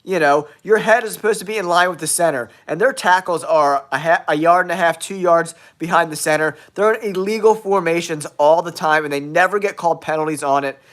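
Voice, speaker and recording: Nasal male sports host with a cold, slightly high voice, blunt excitable takes. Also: brisk, few pauses. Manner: blunt, excitable hot takes addressing viewers. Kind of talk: casual football talk show.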